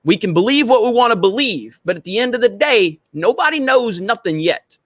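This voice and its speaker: A man's voice: sits high, animated, brisk, fairly bright tone, dry recording, clean studio sound. A man hosting a live stream, chatting casually and bantering with viewers in a brash, profane way.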